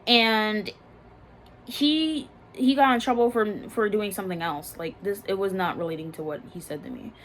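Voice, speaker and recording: A young woman telling a personal story in a casual, halting way, full of fillers and restarts, often subdued. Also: mid-range voice, a little hiss or hum. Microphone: phone.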